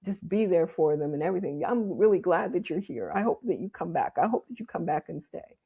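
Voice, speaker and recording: A woman voicing a kindly older woman stranger who speaks gently and encouragingly. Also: lowish voice, animated, fairly quick, gravelly, husky, full character voice. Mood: earnest.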